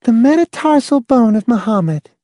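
A man doing a brash, high-voiced bar girl. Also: lively intonation, normal speed, dark tone, no echo, studio quality. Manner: bold, demanding, penetrating soprano.

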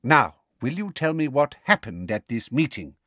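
A man voicing a hearty, blustering middle-aged minister who is quick to anger. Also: medium pitch, sing-song, a bit bright, no echo, studio quality, pitched above the performer's own voice.

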